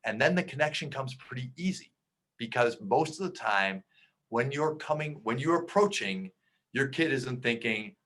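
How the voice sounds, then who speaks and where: A middle-aged man talks to parents in an easy, conversational way, often restarting his sentences as he tells a story. His voice has a bright, forward edge, and he speaks with earnest warmth of purpose rather than polish. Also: mid-range voice, lively intonation, normal speed. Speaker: clinical psychologist speaking at a parenting webinar. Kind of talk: informal talk with storytelling.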